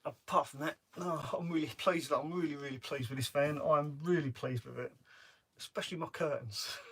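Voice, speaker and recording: A man's voice: on the high side, moderate pace, a bit bright, husky. A middle-aged man chatting casually on a live stream from his camper van, rambling and laughing often. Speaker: van-life vlogger. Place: parked camper van on a driveway.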